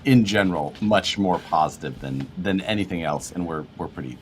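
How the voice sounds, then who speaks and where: A man co-hosting a casual livestream, relaxed, laughing often as he reads viewer comments aloud. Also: sits low, moderate pace, noisy background. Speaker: livestream co-host.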